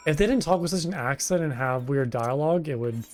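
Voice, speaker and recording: A man's voice: a little high, lively intonation, a little fast, darkish tone, faint music behind. Mumbling man streaming a game. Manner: mumbling, hesitant asides. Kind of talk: casual live-stream commentary.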